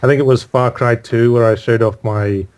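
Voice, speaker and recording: A man from the United Kingdom, an author speaking as a guest in a casual interview, dry and self-deprecating, speaking in quick bursts. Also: mid-range voice, fairly even intonation, a little mellow, clean tone.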